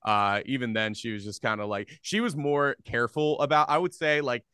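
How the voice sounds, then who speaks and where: A man's voice: mid-range voice, steady tone, fairly quick, pushed and bright, clear, resonant tone, no echo. A young man from the Philadelphia area, a guest talking in a loose, rambling way full of fillers and easy laughs. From Philadelphia area, USA. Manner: loose and rambling, heavy on fillers like "like" and "you know", laughs easily. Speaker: guest, social media creator. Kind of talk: casual interview chat.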